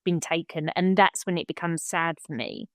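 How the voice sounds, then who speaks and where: A woman's voice: lowish voice, fairly even intonation, moderate pace, no echo, studio quality. Blunt, matter-of-fact woman guest. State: widowed, remarried. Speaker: podcast guest. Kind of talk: frank conversational podcast talk.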